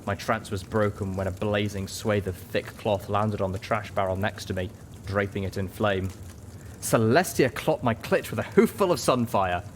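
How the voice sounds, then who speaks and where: A man narrating a story in first person with a steady, dramatic reading. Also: lowish voice, normal speed, slight background noise. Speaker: audiobook reader.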